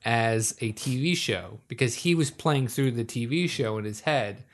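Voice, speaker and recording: A man's voice: medium pitch, animated, moderate pace. A man in casual chat, laying out a theory in a chatty, easygoing way. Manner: chatty, laughing, explains a fan theory.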